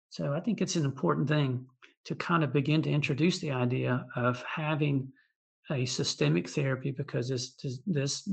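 A man, a physician assistant, explaining patient care in a relaxed podcast interview, with frequent restarts and fillers. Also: a little high, creaky, husky. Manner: explanatory, many restarts and "you know" fillers. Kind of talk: conversational medical interview.

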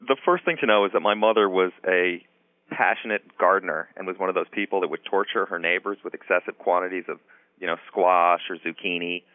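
Deep-voiced man on a tinny phone line. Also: fairly quick, no room sound. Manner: relaxed anecdotal telling with frequent "you know". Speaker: guest author and psychiatry professor. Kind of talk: radio interview, storytelling.

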